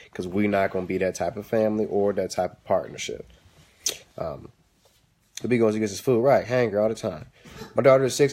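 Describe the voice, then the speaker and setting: A young man hosting a casual live stream from home, giving parenting advice and scolding his kids now and then. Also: fairly low pitch. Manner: animated, stern with kids between advice. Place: home kitchen. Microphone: phone or webcam.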